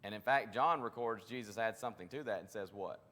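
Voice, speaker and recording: A man's voice: on the low side, fairly quick, fairly bright tone, long reverb tail, a little hiss or hum. A man leading a Bible study, teaching conversationally, often restarting his sentences and acting out quotes. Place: church classroom.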